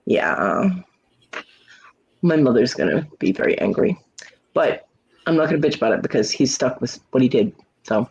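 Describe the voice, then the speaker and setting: A middle-aged woman hosting a casual livestream chat, telling a story with lots of swearing and jumping into high voices for quotes while greeting viewers. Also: a little hiss or hum. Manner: profane, animated storytelling with leaping voices for quotes. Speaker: livestream host. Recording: muffled lo-fi stream audio.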